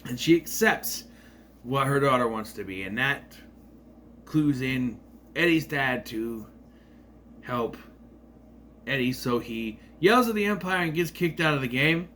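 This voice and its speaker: A man's voice: mid-range voice, animated, unhurried, pauses often, pushed and bright, a little hiss or hum. A man giving a casual, rambling movie review with sarcastic asides.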